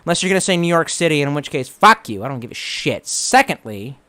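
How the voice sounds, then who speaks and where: A tipsy young man from the Washington DC area reads live-stream chat aloud, swearing freely and answering with sarcasm. His voice is a little high for a man and very animated, swinging all over as he rambles. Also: quick pace, hardly any pauses. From Washington DC metro area, US. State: getting drunk.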